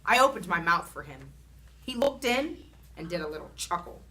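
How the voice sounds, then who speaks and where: A woman reading a children's chapter book aloud in an expressive, animated storytelling manner. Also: fairly low pitch, normal speed.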